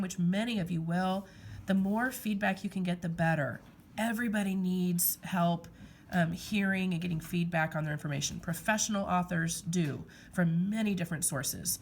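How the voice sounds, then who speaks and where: Brief: woman teacher, low-ish voice, firm classroom instructions, faint background noise. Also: moderate pace. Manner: direct, repeats okay, emphatic instructions. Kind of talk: classroom writing lesson.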